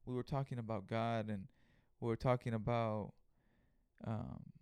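A man's voice: on the low side, unhurried, smooth, dry recording. A young man hosting a podcast, telling a story casually and profanely, acting out what people said. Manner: profane, animated retelling with acted-out quotes. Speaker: podcast host.

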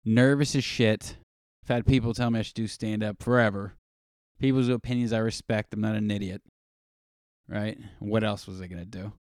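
A chatty podcast host, a man with a fairly low voice, rambles loosely and swears freely. He pokes fun at himself as he goes. The sound is dry and close. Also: steady tone, moderate pace, a little mellow, no echo. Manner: chatty, profane, self-deprecating. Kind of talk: casual rambling chat.

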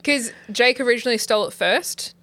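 A woman co-hosting a podcast, recapping in a casual, halting way with many fillers. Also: a little high. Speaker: podcast co-host. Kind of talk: casual chat.

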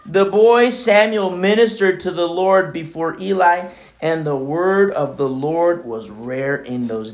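A man's voice: fairly high pitch, gravelly. A man preaching a casual, conversational sermon as pastor, often dropping in "you know" and acting out the voices in scripture.

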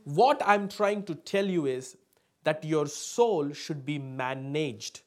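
A man preaching with an emphatic pulpit delivery, his voice sitting a little above the usual male pitch. He keeps checking in with the congregation and calling for replies, then drops into quiet asides before pushing loud again. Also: slow. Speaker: pastor. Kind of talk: sermon to a live congregation.

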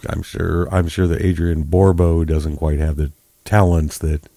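A man's voice: a bass voice, steady tone, moderate pace, creaky, mellow, no room sound. A man co-hosting a podcast, chatting casually about a movie with dry, wry remarks. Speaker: podcast co-host. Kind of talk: casual movie review chat.

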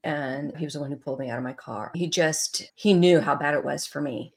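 A woman's voice: deep voice, fairly quick. A middle-aged woman telling an emotional personal story as a guest in an interview.

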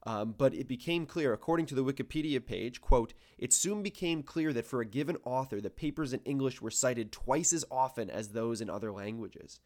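A man in his twenties with a mid-range, slightly mellow voice co-hosts a podcast and is a planetary science grad student. He explains his research in a casual, wry, self-deprecating manner.

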